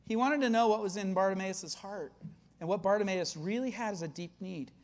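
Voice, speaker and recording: A pastor preaching a conversational sermon, with many fillers, who swings between loud emphasis and hushed, quiet lines. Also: medium pitch, brisk.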